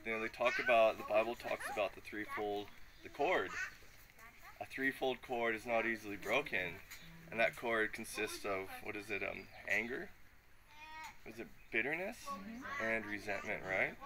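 Rambling man giving testimony. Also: on the low side. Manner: rambling, emotional, slangy, many fillers. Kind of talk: spoken personal testimony. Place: live gathering with listeners.

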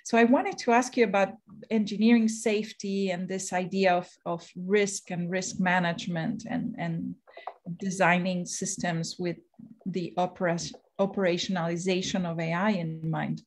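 A woman moderating a panel discussion, asking long questions in a careful, measured way over a video call. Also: fairly low pitch, fairly even intonation, a little mellow.

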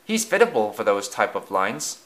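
A man's voice: on the low side, big pitch swings, normal speed, fairly bright tone. A man voicing a proud, boastful male steam engine who talks in a haughty, sulky way.

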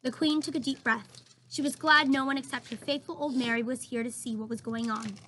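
A woman teacher reads a children's book aloud to her students, expressive and breaking off for chatty asides. Her voice sits high. Faint ambient noise hums behind her. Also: fairly quick, poor audio. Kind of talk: read-aloud storytelling for students.

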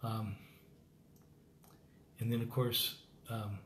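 A man's voice: on the low side, flat delivery, very slow. An American man hosting a Bible reading program, giving rambling, earnest, informal commentary that often breaks off and restarts. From United States. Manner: rambling, self-interrupting, earnest. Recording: echoey room with faint background noise.

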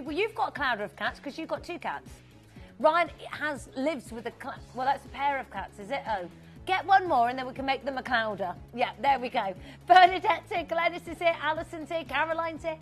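A woman hosts live television shopping in a bubbly, chatty manner, reading out viewers' names between sales patter. Her voice sits high, and faint music plays under her in the studio. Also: animated, moderate pace. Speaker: shopping channel presenter.

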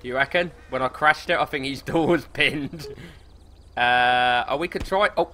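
A man with a British accent commentating on his gameplay, excitable, swearing a lot and laughing often. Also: mid-range voice, normal speed, slight background noise. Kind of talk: casual let's play commentary.

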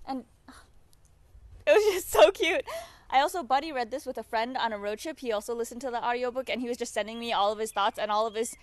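A woman's voice: on the high side, animated, brisk. A woman chatting casually to camera about books. She gushes with enthusiasm and laughs often. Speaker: book vlogger. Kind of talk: casual book chat to camera.

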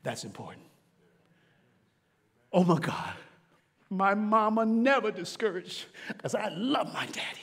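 Preaching from the pulpit of a church sanctuary, this middle-aged pastor has a slightly rough voice pitched high for a man. His sermon rises to shouting and falls to quiet, low passages with broad, expressive leaps in pitch, trailed by lengthy church reverb.

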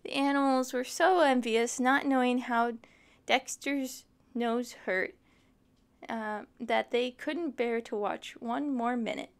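A woman reading a children's picture book aloud, expressive and adding sympathetic asides. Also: fairly high pitch, slow, smooth. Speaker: storytime reader.

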